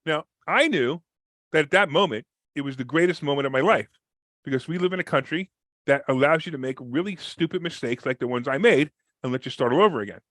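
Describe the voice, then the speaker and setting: A man with a rather high voice talks at a brisk, rushing pace, recounting his story as a guest on a podcast. He bursts into the voices of the people he quotes, with sudden leaps in pitch. The recording is dry and close, with no room sound. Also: no echo. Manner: fast, energetic, acts out quoted people with big pitch jumps. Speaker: real estate investor guest. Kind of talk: animated storytelling in a podcast interview.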